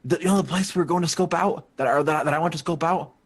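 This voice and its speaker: A man playing a tabletop game, excitable and hesitant, with lots of fillers. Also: fairly high pitch, fast talker, slightly rough. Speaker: player.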